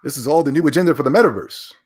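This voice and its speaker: A podcast host, a man with a slightly high voice, rants in a loud, animated way. He repeats phrases when he gets worked up and keeps laughing between his points. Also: racing, husky. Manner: emphatic, animated, breaks into laughs. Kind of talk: ranting commentary.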